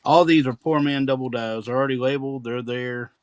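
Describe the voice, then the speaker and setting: A man's voice: mid-range voice, steady tone, a little fast, clean tone, low-quality recording. A man hosting a live-stream coin auction with folksy, rambling auctioneer patter.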